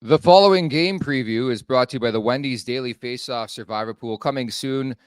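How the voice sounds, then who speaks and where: Quick-talking male host, casual hockey chat, dry close mic. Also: mid-range voice, clear, resonant tone, dry recording. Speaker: podcast host. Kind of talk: casual hockey talk and ad read.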